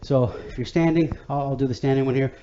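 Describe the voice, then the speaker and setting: A man's voice: medium pitch, fairly even intonation, fast talker, warm tone, muffled recording, a little hiss or hum. A man leading a home workout class, talking in an easygoing, chatty way with many fillers and restarts. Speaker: fitness instructor. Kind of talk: guided workout instruction.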